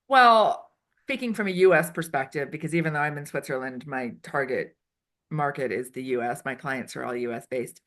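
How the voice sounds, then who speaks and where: A woman consultant being interviewed, chatty and animated, acting out quoted lines as she explains. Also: low-pitched, normal speed. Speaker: HR consultant and improv performer. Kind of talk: casual interview answers. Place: Switzerland.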